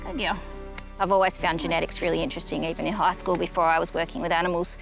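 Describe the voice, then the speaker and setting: A young woman with an Australian accent speaks in a low-set voice, explaining her farm work plainly and without fuss. She is outdoors in a paddock, recorded for a rural documentary. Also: level tone, quick pace, gravelly, music in the background, poor audio. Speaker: goat breeder.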